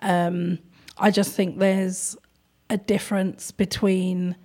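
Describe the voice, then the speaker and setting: A woman who runs an art gallery, talking in a thoughtful, hesitant way with many pauses and ums. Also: medium pitch, steady tone, mellow. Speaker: gallery owner. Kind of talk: casual conversation.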